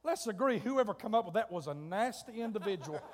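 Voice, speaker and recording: High-voiced preacher, booming hall. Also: male voice, animated, a little hiss or hum. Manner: folksy, shouting peaks, drawn-out emphasis. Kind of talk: sermon with comic storytelling. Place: church sanctuary. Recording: long hall reverb.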